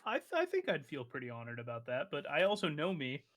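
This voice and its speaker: A man's voice: a little high, wildly swooping pitch, fast, fairly bright tone. A man streamer chatting on a live stream, blunt and profane, giving advice in a lecturing way. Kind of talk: casual live-stream chat.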